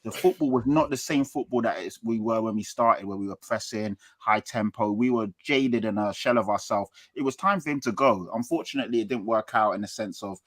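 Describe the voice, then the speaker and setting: A man's voice: fairly low pitch, a little fast, hardly any pauses, dry recording. A man co-hosting a casual football talk show, firm and emphatic, and he repeats words for stress. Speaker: football podcast co-host, Spurs fan.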